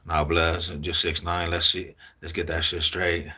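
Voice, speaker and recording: A young man talking casually to his viewers in street slang, repeating himself in a loose, drawn-out way. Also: deep voice, monotone, sharp tone. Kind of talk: casual street talk to camera.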